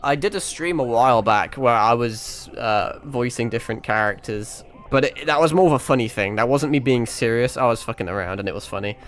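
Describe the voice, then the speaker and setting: Um jovem streamer conversando casualmente de madrugada, divagando com muitos palavrões, hesitações e recomeços, com a voz cansada e falhando depois de horas falando. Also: male voice, mid-range voice, a little fast, hardly any pauses. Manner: rambling, swearing, lots of restarts and fillers. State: voice tired and cracking after hours of talking. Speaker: VTuber streamer. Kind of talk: casual late-night stream chat. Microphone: desk microphone.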